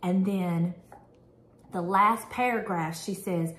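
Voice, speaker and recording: A woman's voice: medium pitch, measured pace, pauses often, echoey room. A woman vlogger reading a devotional prayer aloud and reflecting on it in an earnest, candid, conversational way.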